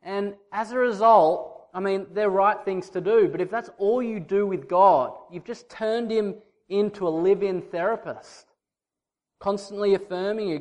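High-voiced preacher, conversational. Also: male voice, darkish tone. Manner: conversational, teasing the congregation. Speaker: pastor. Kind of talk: sermon.

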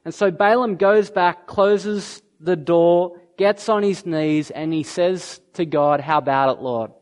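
Man, preacher, sermon, lively storytelling, slightly higher voice. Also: slow. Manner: animated storytelling, acting out quoted voices. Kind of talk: sermon, retelling and reading scripture.

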